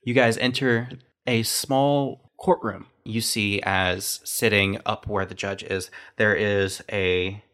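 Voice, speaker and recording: A man's voice: lowish voice, steady tone, slow, a bit bright, smooth. A man narrating as game master of a tabletop role-playing game, describing scenes and voicing side characters. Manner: describes scenes and voices NPCs in near his own voice.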